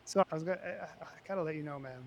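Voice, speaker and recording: A man with a high voice spins casual podcast stories. He talks loosely, with plenty of slang, and jumps up in pitch and volume when he acts out a showdown. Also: rapid-fire. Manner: animated storyteller, loud and high when retelling confrontations. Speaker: podcast co-host. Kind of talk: casual podcast banter and storytelling.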